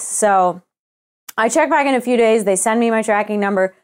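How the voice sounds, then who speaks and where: A woman's voice: fairly high pitch, moderate pace, smooth. Swearing young woman telling a story. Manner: animated storytelling, swears freely, acts out quoted exchanges. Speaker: podcast co-host. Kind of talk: casual chat.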